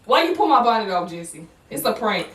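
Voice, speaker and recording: A woman's voice: mid-range voice, big pitch swings, brisk, slightly rough. A woman talking straight to her viewers in a casual home prank vlog, emphatic and repetitive, filmed on a camera set up in the room. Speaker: vlogger and mother. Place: home, indoors. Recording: loud background noise.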